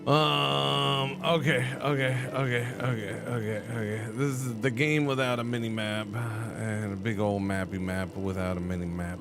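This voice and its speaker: A man's voice: medium pitch, steady tone, normal speed, creaky, hardly any pauses, over music. A man streaming a game, chatting casually and answering his chat, rambling and stumbling over repeated words. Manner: talks back to chat messages.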